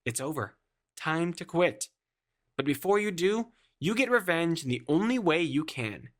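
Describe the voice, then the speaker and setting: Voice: medium pitch, big pitch swings, measured pace. A narrator telling a scripted comic story in a sarcastic, exaggerated way.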